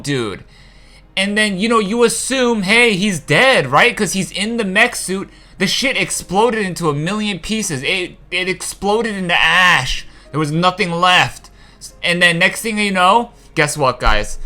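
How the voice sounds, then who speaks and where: A man's voice: high-pitched, animated, a little slow, sharp tone. A young man hosting a gaming channel, ranting casually about a game's story, frustrated and profane, with rambling asides. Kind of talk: casual rant about a game.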